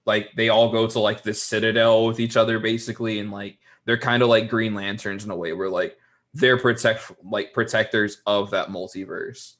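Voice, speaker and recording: Young male co-host, low-pitched, easygoing and rambling, heavy on fillers. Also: little pitch movement, moderate pace, fairly bright tone. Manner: rambling, filler-heavy, laid-back with mocking asides. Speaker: podcast co-host. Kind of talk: casual chat.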